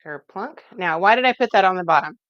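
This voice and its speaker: A woman's voice: lowish voice, lively intonation, fast, no room sound, lo-fi sound. A woman with a Midwestern American accent hosting a casual cooking show, chatty and explaining each step as she goes.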